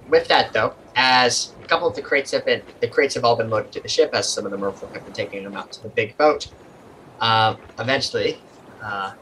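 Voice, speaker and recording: A man narrating as game master in a relaxed manner, often hedging his words. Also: mid-range voice, slight background noise, rough recording.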